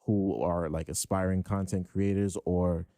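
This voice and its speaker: Male co-host, lowish mellow voice, supportive interviewer, dry studio sound. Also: flat delivery, a little slow, dry recording. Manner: affirming, encouraging interviewer. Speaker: podcast co-host. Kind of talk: casual interview chat.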